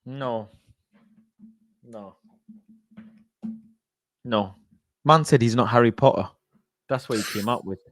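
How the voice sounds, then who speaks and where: A man in casual football chat, ranting in a slow, indignant, emphatic way. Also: mid-range voice, dry recording.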